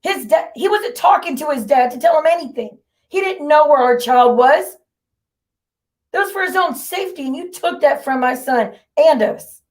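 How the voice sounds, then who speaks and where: Brief: woman stream host, fairly high voice, furious and profane, calling out her chat directly. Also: animated, normal speed. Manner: heated, profane, confrontational. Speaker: livestream host. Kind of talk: angry livestream rant.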